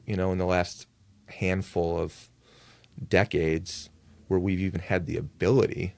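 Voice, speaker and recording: A man who is a lead pastor, talking as a guest on a podcast in a thoughtful, measured way with frequent fillers. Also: deep voice, creaky, darkish tone, no echo. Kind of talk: conversational podcast interview.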